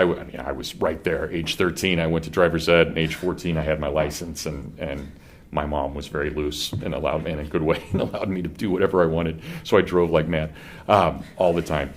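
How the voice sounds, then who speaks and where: A man's voice: rumbling low, steady tone, a little fast. A middle-aged man with a Kansas accent giving a conversational classroom lecture and putting questions to his students. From Kansas, USA.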